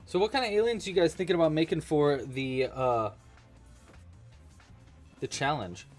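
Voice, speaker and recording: With faint music in the background, this man speaks at a normal speed in a somewhat high voice. He's a crochet instructor running a relaxed livestream crochet-along, keeping things chatty and playful while frequently chatting with his cat.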